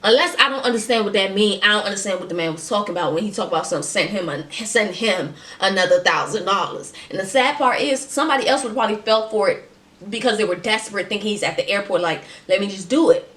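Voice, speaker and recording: A woman's voice: medium pitch, fast talker, far from the mic. Sassy young woman in an echoey room. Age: 20s. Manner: animated, sassy, slangy. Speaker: vlogger. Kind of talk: casual storytime vlog. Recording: roomy, off-mic.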